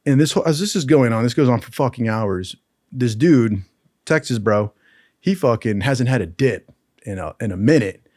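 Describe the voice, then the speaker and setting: A man's voice: mid-range voice, lively intonation, normal speed, darkish tone, no room sound, studio quality. A man casually telling crude, profane stories from his military training, with a laid-back manner and lots of "dude". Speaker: storyteller recalling military training.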